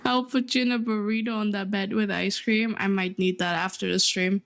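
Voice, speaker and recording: A woman's voice: mid-range voice, fairly even intonation, moderate pace, a bit bright. A young woman streamer chatting casually, emotional and near tears, swearing and laughing between words. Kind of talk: casual chat.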